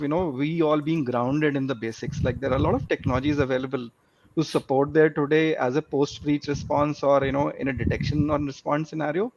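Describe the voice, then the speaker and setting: A man's voice: on the high side, a little mellow, slight background noise. A man, speaking as a panelist over a video call and dropping in frequent "you know"s. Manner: fluent, filler-heavy with frequent "you know". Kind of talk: panel discussion. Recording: muffled lo-fi call audio.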